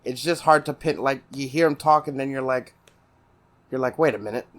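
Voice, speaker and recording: A man's voice: mid-range voice, little pitch movement, moderate pace. A man from South Texas, co-hosting a podcast in casual chat and telling meandering anecdotes. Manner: laid-back, meandering anecdotes. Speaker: podcast co-host.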